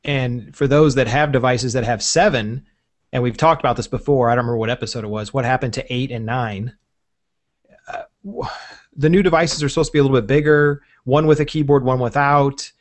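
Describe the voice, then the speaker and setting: A man hosting a casual tech podcast, relaxed and joking, rambling through the news. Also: medium pitch, fairly quick. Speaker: podcast host.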